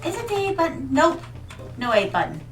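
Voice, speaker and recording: A woman's voice: sits high, sing-song, brisk, distant mic, low-quality recording. An American woman streaming a game, chatting playfully and rambling to her viewers. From United States. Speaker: VTuber streamer. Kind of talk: casual game stream chat. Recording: mic set back, music behind.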